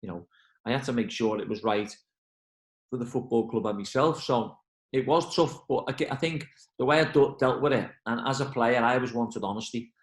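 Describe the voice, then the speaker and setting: A football manager talks fast in a casual interview, bringing his stories to life by acting out the people in them. His voice rings around an echoey room. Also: mid-range voice. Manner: animated storyteller, acts out quoted voices.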